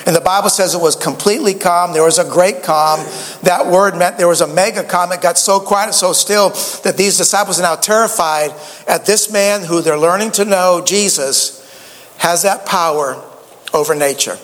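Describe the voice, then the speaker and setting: A man's voice: high-pitched, normal speed, fairly bright tone, long reverb tail. A man preaching a sermon, a folksy storyteller who often stammers and restarts his sentences. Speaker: pastor.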